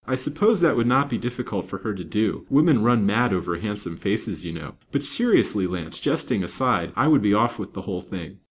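A man's voice: lowish voice, very animated, fairly quick, few pauses, a little hiss or hum. A man voicing a blunt, protective older banker who speaks grimly and forthrightly in a storybook reading. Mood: earnest warning. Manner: grim, forthright.

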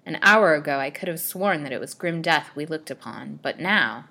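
A woman reading aloud voices an earnest, anxious young gentleman suitor in a storybook. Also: low voice, brisk. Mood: awed. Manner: earnest, slightly doubtful.

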